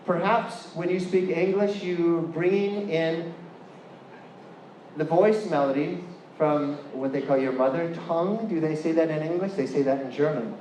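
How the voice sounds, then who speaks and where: A man's voice: fairly high pitch, measured pace, a little mellow, a little hiss or hum. A man with a Californian accent giving a playful, chatty university lecture and asking the audience questions. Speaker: guest lecturer. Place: lecture hall. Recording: echoey hall with faint room ambience.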